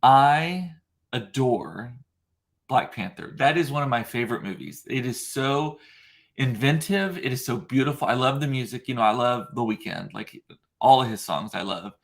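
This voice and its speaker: A man with a deep, gravelly voice hosting a casual livestream, rambling chattily through viewer comments with plenty of fillers and self-deprecating asides. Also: animated, normal speed. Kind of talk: casual chat.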